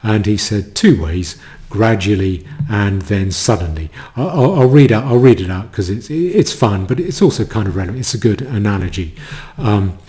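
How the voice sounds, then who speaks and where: A man giving a solo commentary monologue, halting, with many stammered restarts. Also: on the low side, sing-song, mellow.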